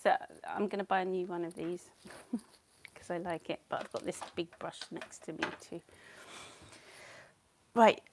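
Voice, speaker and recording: A woman's voice: fairly low pitch, fairly even intonation, measured pace, vocal fry, very noisy. Giggly woman live-streaming her painting. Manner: chatty, giggly, greets viewers by name. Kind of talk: casual live-stream chat. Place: home. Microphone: clip-on mic.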